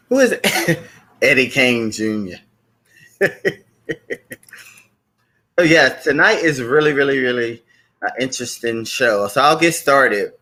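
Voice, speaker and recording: A man's voice: medium pitch, animated, slow, pauses often, sharp tone. A man hosting a live stream show, chatting casually, greeting viewers by name and repeating his welcomes.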